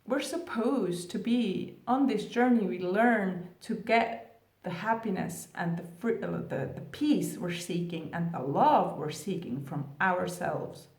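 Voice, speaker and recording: A woman's voice: fairly low pitch, unhurried, a little mellow. Chatty woman coach in an echoey room. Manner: chatty, rhetorical questions, frequent "like" fillers. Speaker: twin flame coach. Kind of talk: casual advice talk to camera.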